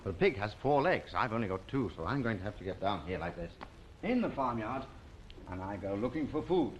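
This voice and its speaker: A man presenting a children's TV show, talking gently and slowly to young viewers and coaxing them to join in. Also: on the low side, big pitch swings, lo-fi sound, a little hiss or hum. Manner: slow, coaxing, sing-song, invites the viewer to join in. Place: television studio.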